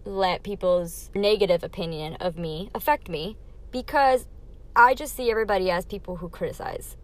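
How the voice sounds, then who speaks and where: A young adult woman hosting her own podcast, talking candidly through a numbered list of life lessons in a casual, emphatic way. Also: mid-range voice. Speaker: podcast host.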